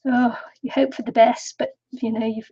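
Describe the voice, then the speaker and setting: Older woman, high and slightly husky, slow chatty craft streamer who laughs a lot, dry lo-fi home sound. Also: little pitch movement, no room sound. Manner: chatty, laughs often, talks to viewers. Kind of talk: casual live-stream chat while crafting. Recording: dull lo-fi home recording.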